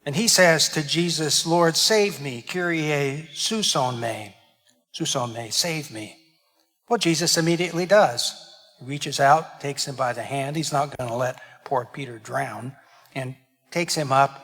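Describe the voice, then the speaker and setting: A man's voice: on the high side, fairly bright tone, in a large hall. A man, a parish priest, preaching a homily and explaining Greek words with dramatic emphasis. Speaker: pastor. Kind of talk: sermon. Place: church.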